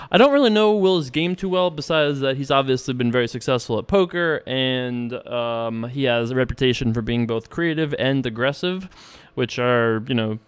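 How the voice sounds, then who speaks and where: A man's voice: medium pitch, smooth. A man from the United States giving casual, chatty commentary on his own online poker session, thinking aloud and poking fun at himself. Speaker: poker vlogger.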